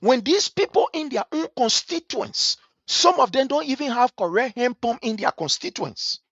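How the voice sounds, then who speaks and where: A man's voice: extremely high pitch, animated, normal speed, a bit bright, dry recording. A Liberian man giving impassioned political commentary, scornful and emphatic, hammering his points with repetition. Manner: scornful and emphatic, repeats phrases for effect. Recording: dull lo-fi stream audio.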